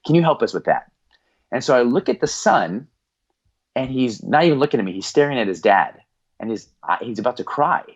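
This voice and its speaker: A man's voice: medium pitch, a little fast, breathy edge. A middle-aged man, a performance psychologist, telling stories earnestly as a podcast guest and acting out the people in them. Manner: earnest, animated storyteller who acts out quoted voices. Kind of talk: storytelling in a podcast interview. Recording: slightly dull lo-fi audio.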